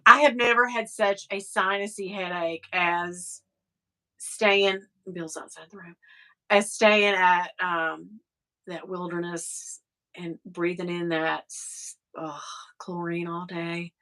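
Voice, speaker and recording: Middle-aged Southern woman hosting a livestream, bright tone, rambling, casual cursing. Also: lowish voice, steady tone, slow pace. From American South. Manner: chatty, rambling, laughs often, swears casually. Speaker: livestream host reading chat. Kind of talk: casual chat.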